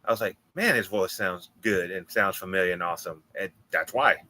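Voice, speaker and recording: A man's voice: low voice, fairly quick, bright, forceful tone, rough recording. A man co-hosting a podcast, reviewing a movie in enthusiastic, rambling casual chat with plenty of fillers. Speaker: podcast co-host.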